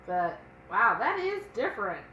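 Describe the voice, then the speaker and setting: A woman's voice: medium pitch, very animated, a little slow, sharp tone, roomy sound, slight background noise, rough recording. A woman co-hosting a casual cooking live stream, chatting and reading viewer comments aloud. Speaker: cooking channel co-host.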